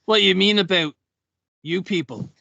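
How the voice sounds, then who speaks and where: Gravelly guy, grumbly player banter, dry dull lo-fi sound. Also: high-pitched, moderate pace, bright, forceful tone, dry recording. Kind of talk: playing a tabletop game in character.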